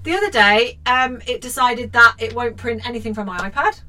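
A woman's voice: on the high side, a little fast, pushed and bright. A young woman co-hosting a podcast, telling a rant-filled story with lots of swearing and animation. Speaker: podcast co-host. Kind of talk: casual chat.

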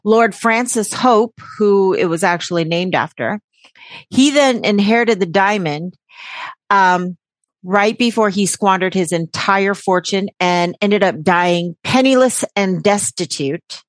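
A woman's voice: medium pitch, unhurried, no echo. A woman hosting a podcast in casual chat, brash and jokey, swearing freely with sarcastic asides. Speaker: podcast host.

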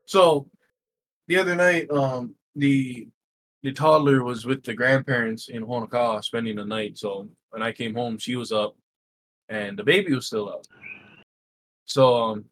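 Man, podcast co-host, animated storyteller, faint background noise. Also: medium pitch, a little slow, low-quality recording. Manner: animated storyteller, frequent fillers and swearing. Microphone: game console headset. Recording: faint noise, home recording.

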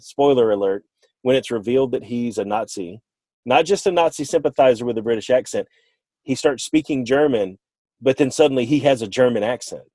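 A man's voice: mid-range voice, mellow, no room sound. A man co-hosting a podcast, chatting casually in a rambling, playful way and often correcting himself. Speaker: podcast co-host. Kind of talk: casual chat.

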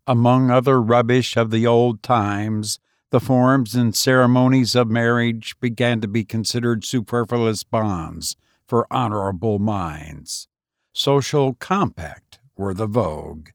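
A man reading a classic story aloud as host of a podcast, in a measured, deliberate way. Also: mid-range voice, dry recording, clean studio sound.

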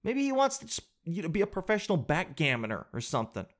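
A man from Canada chatting casually on a podcast in an animated, joking, slangy way. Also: on the high side, fast talker. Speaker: podcast host.

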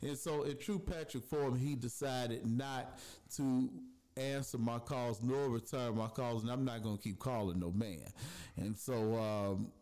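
A man's voice: mid-range voice, steady tone, a little slow, warm tone. A man casually telling the story of how his podcast started, chatty and loose, with fillers and voiced asides. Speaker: podcast host.

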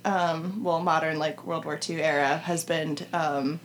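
A woman co-hosting a podcast in casual chat, blunt and quick with asides. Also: deep voice, steady tone, a little hiss or hum.

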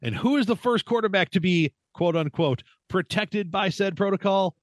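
A man's voice: high-pitched, moderate pace, no echo, studio quality. A man co-hosting a sports podcast, delivering sarcastic, profane tirades. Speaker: podcast co-host. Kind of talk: casual sports chat.

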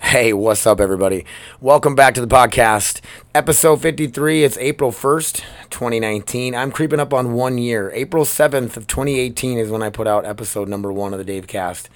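A man's voice: mid-range voice, fairly quick, no echo. Casual rambling male podcast host. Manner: loose, rambling, profane, upbeat. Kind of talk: casual solo podcast chat. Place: storage room at work. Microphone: laptop microphone.

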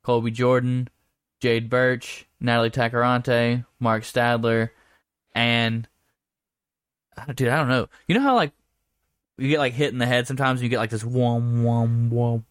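A man co-hosting a casual comedy podcast, trading crude deadpan jokes. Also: medium pitch, moderate pace, long pauses, clear, resonant tone, no echo, clean studio sound. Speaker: podcast co-host.

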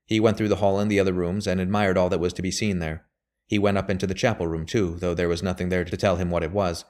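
A man's voice: sits low, flat delivery, darkish tone, lightly acted. A man voicing a grave old lawyer. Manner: grave, emphatic, measured. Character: grave elderly male lawyer, shrewd and bitter. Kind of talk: audiobook character voice.

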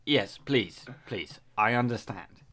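Man with a lively, insistent voice. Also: lowish voice, takes it slowly. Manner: firm, formal, insistent. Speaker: player. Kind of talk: in-character role-play.

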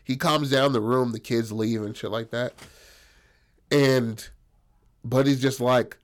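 A man's voice: mid-range voice, fairly even intonation, slow, long pauses. A young man casually telling a story, rambling and profane, full of fillers.

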